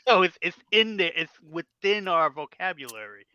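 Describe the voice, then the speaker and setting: A man's voice: sits high, very animated, moderate pace, sharp tone, clear, resonant tone, no room sound, highs cut off. A man from New City, an easygoing guest in a casual podcast chat. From New York City.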